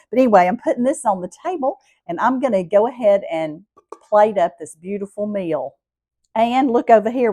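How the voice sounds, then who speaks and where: A middle-aged woman with a Southern US accent hosts a casual cooking vlog, chatting to viewers in a homey way. Her voice is medium-pitched and a little mellow, with no room sound.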